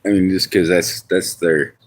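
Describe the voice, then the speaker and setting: Livestreamer, man from New York, lowish voice, rambling and profane, talks straight to chat. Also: fairly even intonation, normal speed. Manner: rambling, frequent restarts and swearing, chats to viewers. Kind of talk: casual live stream rant.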